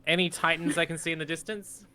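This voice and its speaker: A man's voice: on the high side, steady tone, fast, a loud crowd. A man playing a tabletop role-playing game, chatting casually and thinking aloud as he decides his moves. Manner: hesitant, thinks aloud with fillers and swearing. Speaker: player.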